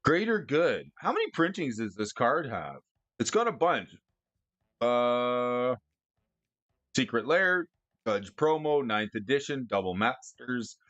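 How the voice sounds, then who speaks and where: A man streaming casually, excitable and often stammering through restarts as he talks about cards and gifts. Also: medium pitch, slow, no room sound, muffled recording. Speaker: streamer discussing card prices. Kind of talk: casual live-stream chat.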